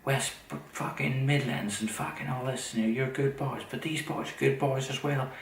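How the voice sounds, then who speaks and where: A man putting on a hushed whisper as a sly, ingratiating middle-aged Englishwoman. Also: mid-range voice, steady tone, moderate pace, roomy sound, distant mic, slight background noise, pitched above the performer's own voice, natural voice. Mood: wheedling.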